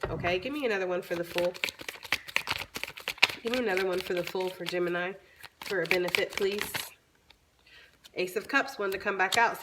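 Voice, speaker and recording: A woman doing a casual tarot reading for her viewers, chatty and informal, swearing freely, her voice a little raspy from long talking. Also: mid-range voice, fairly bright tone, slight background noise. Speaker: tarot reader.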